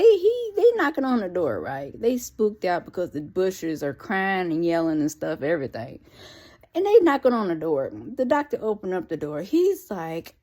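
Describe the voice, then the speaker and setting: Young woman reviewer, lively pitch that swings up and down, sarcastic and slangy asides throughout a casual recap. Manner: sarcastic, incredulous asides to the viewer; slangy, conversational.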